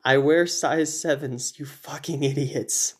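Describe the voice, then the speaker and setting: A man puts on a badly wounded hunter, his voice pitched far above normal and stretched out slowly as he cries out in pain. Each word is strained and dragged, the sound of someone bleeding on the forest floor in a comic storybook reading. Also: fairly even intonation, a little hiss or hum. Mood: bitter. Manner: pained, slow, strained cries. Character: wounded male hunter in a ghillie suit, dying.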